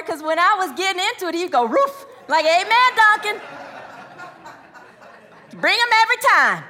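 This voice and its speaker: Woman minister, high bright voice, conversational sermon with laughs and stories. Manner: chatty, laughing, animated storytelling. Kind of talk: informal sermon with anecdotes.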